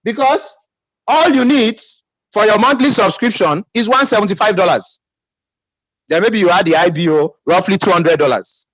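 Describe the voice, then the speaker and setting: Nigerian English man, team leader, emphatic pep talk, high and animated, dry sound. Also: moderate pace, dry recording, poor audio. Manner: emphatic, calls for audience responses.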